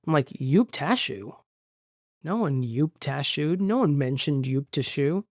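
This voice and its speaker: Goofy, gravelly male podcast host. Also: a little high, animated, moderate pace, no room sound, clean studio sound. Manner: goofy, riffing, scatting nonsense. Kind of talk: casual chat.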